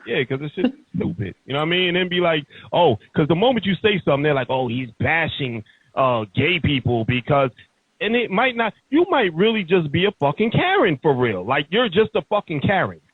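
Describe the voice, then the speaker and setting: A man's voice: sits high, sing-song, quick pace, few pauses, breathy edge, no room sound. A man hosting a podcast, ranting heatedly and emphatically in casual, profane talk. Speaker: podcast host. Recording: tinny phone-like sound.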